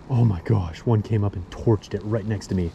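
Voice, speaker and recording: A man hosting a fishing vlog, talking in an enthusiastic, excitable way outdoors by a snowy stream. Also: on the low side, gravelly, dull audio, a little hiss or hum. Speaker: fishing channel host.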